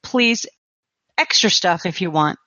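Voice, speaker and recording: A woman's voice: on the low side, lively intonation, a little slow, bright, forceful tone, no room sound, lo-fi sound. Woman player in a tabletop game. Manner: casual, conversational.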